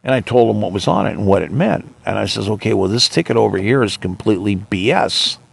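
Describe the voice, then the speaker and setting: A man's voice: on the low side, expressive, fast, creaky, slightly rough. A man hosting his own podcast, ranting indignantly and retelling his arguments with officials. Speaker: podcast host. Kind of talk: monologue.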